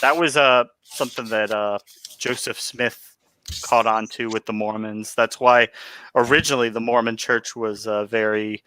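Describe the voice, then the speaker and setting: A man's voice: medium pitch, steady tone, moderate pace, sharp tone, clean tone, dry recording. A man co-hosting a casual podcast chat, sarcastic and argumentative. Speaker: podcast co-host.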